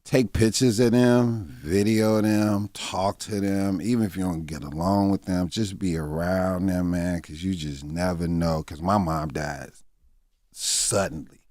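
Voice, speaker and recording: A man in his fifties, a comedian guest on an interview show, talking candidly in a halting, reflective way with many fillers and restarts. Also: low-pitched, steady tone, darkish tone, dry recording, clean studio sound. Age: 50s.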